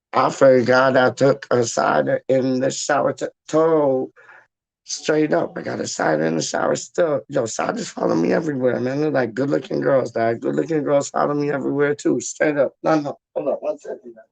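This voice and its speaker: The vlogger speaks at medium pitch and normal speed with a creaky voice, captured on a rough recording. Just out of the shower at home late at night, he rambles casually, calls the viewer "dog," says "how you mean" again and again, and launches into football chants.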